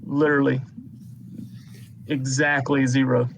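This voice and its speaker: A man running a tabletop game as game master, calmly calling hits and damage and narrating what the enemies do. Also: medium pitch, unhurried, vocal fry, background noise.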